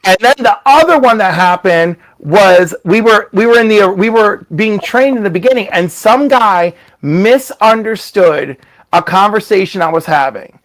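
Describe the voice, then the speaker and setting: A man's voice: sits high, poor audio. A man hosting a casual stream, telling stories in a chatty way and acting out the voices of the people in them. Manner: animated, acts out voices in his stories. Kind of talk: casual storytelling chat.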